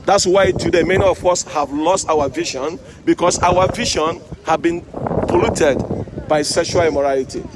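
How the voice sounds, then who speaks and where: A man preaching an outdoor sermon, often asking "Amen?" and "you see?" of his listeners. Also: sits high. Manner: call-and-response, repeated "Amen?" and "you see?". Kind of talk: street sermon. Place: outdoors by a road with passing cars in the rain. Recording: outdoor recording with street traffic noise. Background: traffic noise.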